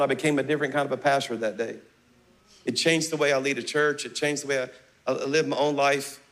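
A middle-aged pastor, preaching a sermon with passionate, animated storytelling. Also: male voice, a little high, brisk. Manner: passionate, animated, acting out dialogue.

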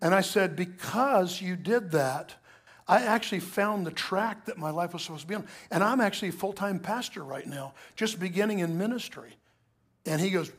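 A middle-aged male pastor preaching a sermon, telling a personal story with lively asides to the congregation. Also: high voice, normal speed.

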